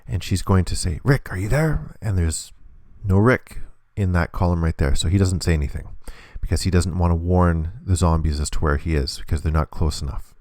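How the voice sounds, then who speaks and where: A man with a low, gravelly voice walks through a hands-on demonstration lesson. He explains patiently and step by step, and the recording sounds close and dry. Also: steady tone, fairly quick, few pauses, a little mellow, no room sound. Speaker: instructor.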